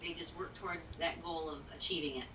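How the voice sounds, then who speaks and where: A woman's voice: low-pitched, steady tone, fairly quick, echoey room, far from the mic, noisy background. A woman who is a singer, talking in a folksy, plain-spoken way with many fillers while being interviewed. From rural country. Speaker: singer and guest. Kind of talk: casual interview answers.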